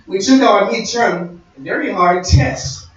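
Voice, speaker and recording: A man's voice: high-pitched, unhurried, a bit bright. A young man giving a sermon-style talk, conversational and storytelling with quoted dialogue. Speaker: speaker. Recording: echoey, distant, dull-sounding room recording.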